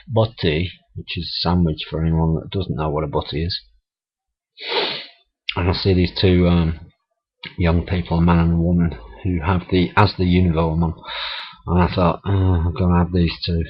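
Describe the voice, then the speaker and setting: A middle-aged man tells his stories in a casual, chatty way, laughing and swearing as he goes. His voice sits low and a little husky. The sound is dull and lo-fi, like an old camera mic. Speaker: vlogger. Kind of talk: casual storytelling monologue.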